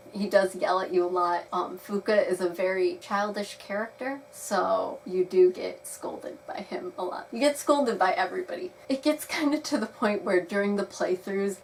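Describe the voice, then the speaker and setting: A young woman giving a chatty, rambling video review of a game, laughing now and then. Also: medium pitch. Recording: slightly distant mic with faint noise.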